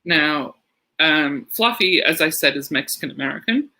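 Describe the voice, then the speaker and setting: Bright-voiced man telling stories. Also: on the high side, animated, normal speed, poor audio. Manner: rambling storyteller, laughs through anecdotes. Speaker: podcast co-host. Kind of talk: casual chat.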